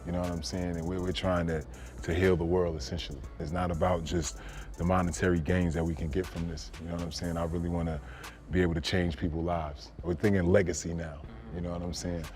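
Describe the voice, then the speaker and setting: A man from New Jersey, a former NBA player, telling a story in casual, animated talk, often saying "you know what I'm saying". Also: deep voice, fast, soft background music.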